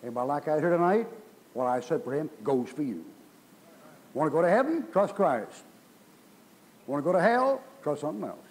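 A pastor preaching a revival sermon in a folksy, colloquial storytelling manner, in a church. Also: male voice, on the high side, expressive, fairly quick, long pauses, low-quality recording. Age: older. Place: church sanctuary.

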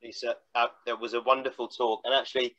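A man chairing a session thanks the speaker, pausing often with fillers. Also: mid-range voice, level tone, a bit bright, highs cut off. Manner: halting, with fillers.

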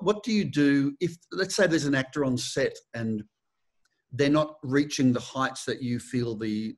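Male interviewer, reflective, measured, mid-pitched, plain delivery. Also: husky. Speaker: interviewer, fellow director.

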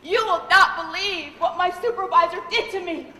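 A woman's voice: very high voice, normal speed, pushed and bright, voice pushed up, full character voice. A woman voicing a tearful young woman, a distressed receptionist who speaks in a pleading, indignant tone. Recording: echoey hall.

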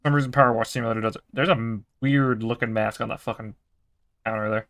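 A man's voice: mid-range voice, fairly even intonation, quick pace, a bit bright, no room sound. A young man giving casual, swearing let's-play commentary while he plays a game. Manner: chatty, swears casually, talks to himself. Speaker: gaming video creator.

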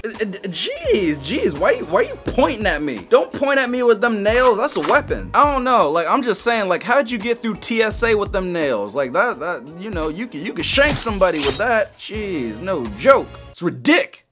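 A young man doing a playful roast while reacting to a music video, with sudden squeaky high outbursts. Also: very animated, moderate pace, hardly any pauses. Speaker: comedy reaction youtuber. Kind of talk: joking reaction commentary.

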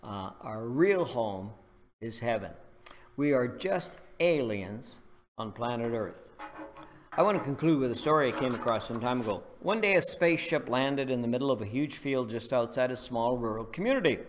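A male pastor preaching a sermon, telling a story and leading a prayer in an earnest, deliberate way. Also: mid-range voice, expressive, slight background noise.

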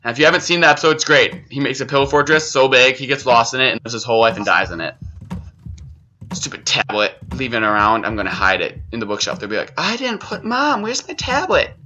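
Goofy young man with a very bright voice. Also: mid-range voice, fairly even intonation, quick pace, a little hiss or hum. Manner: goofy, rambling, self-mocking jokes. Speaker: gaming channel host. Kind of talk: gameplay commentary. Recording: dull lo-fi mic.

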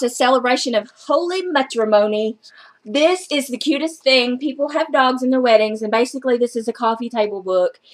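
A woman book vlogger chatting casually through her book haul, excitable and gushing, with some casual swearing. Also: on the high side.

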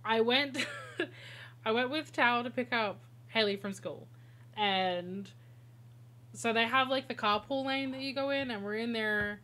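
Unhurried and fairly bright, this woman's slightly high voice carries casual gameplay chat with her stream's viewers. She is a chatty storyteller who laughs often while playing a video game.

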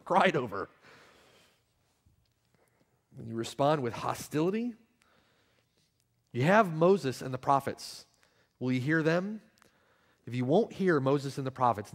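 A male pastor preaching a sermon, repeating his questions and swinging from hushed reflection to loud, pleading appeals. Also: mid-range voice. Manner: rhetorical repetition and questions.

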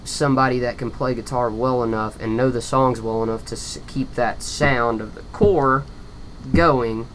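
A man, a guest musician and lead guitarist, chatting eagerly in quick bursts with restarts in a hot backyard shed. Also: medium pitch, fairly even intonation, fairly bright tone, a little hiss or hum. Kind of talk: casual interview chat.

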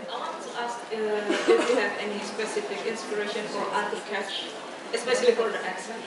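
Hesitant woman in the audience, polite, far from the mic, booming hall, loud crowd. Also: steady tone, brisk. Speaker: audience member asking a question. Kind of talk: audience question.

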